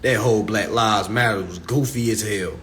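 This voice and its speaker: A man's voice: fairly low pitch, moderate pace, fairly bright tone, slight background noise. A man ranting on a livestream, profane and preachy, repeating his points with emphasis. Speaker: social media live host. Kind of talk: unscripted livestream rant. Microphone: phone livestream.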